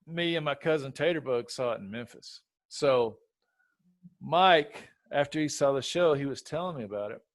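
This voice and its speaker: A man's voice: medium pitch, moderate pace, no room sound. Guy hosting a podcast, telling a story, does the voices, dry sound. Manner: animated storyteller, acts out quotes. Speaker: podcast host. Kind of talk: casual storytelling chat.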